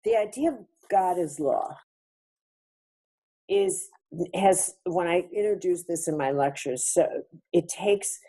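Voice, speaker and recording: A woman's voice: lowish voice, lively intonation, slow pace, long pauses, warm tone, breathy edge. A woman giving a spiritual lecture over a webinar, reflective, repeating phrases for emphasis. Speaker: featured speaker.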